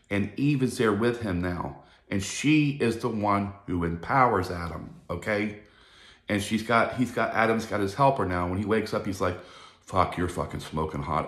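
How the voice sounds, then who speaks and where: Guy w a lowish voice rambling and cursing casually, echoey room. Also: a bit bright. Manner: profane, rambling storyteller. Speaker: video host. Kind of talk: casual monologue.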